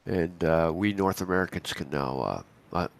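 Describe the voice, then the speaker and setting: Deep raspy man with a cold. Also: moderate pace. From Canada. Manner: rambling, chatty, with frequent restarts and asides. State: hoarse from a cold. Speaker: co-host of a live futures trading stream. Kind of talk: casual live market commentary.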